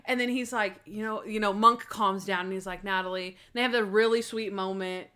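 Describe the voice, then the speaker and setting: A woman's voice: medium pitch, steady tone, fairly quick, sharp tone. A woman co-hosting a podcast in casual chat. She retells scenes animatedly, acts out quoted lines and leans on "like" as a filler. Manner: frequent "like" fillers. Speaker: podcast co-host.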